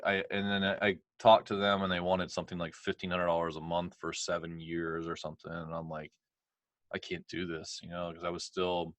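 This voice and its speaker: A middle-aged man, a podcast guest, telling a personal story in casual talk, animated and full of "like" and acted-out dialogue. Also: low-pitched, dry recording. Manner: animated, heavy on "like" and quoted dialogue.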